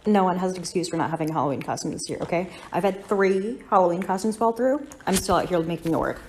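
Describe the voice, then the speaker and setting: A woman speaking quietly in a sassy, casual way in a comedy clip. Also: on the low side, fast. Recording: echoey room with faint noise.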